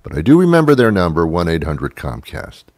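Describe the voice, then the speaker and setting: Low-voiced sarcastic man ranting. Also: huge pitch swings, fairly quick, darkish tone, no room sound, clean studio sound. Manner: exasperated, sarcastic, mimics voices. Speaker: comedy show host. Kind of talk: comic rant monologue.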